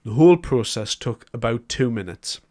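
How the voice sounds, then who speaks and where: A man's voice: mid-range voice, animated, moderate pace, a little mellow. A man giving a solo political commentary, talking in a conversational, emphatic way as he builds his argument point by point.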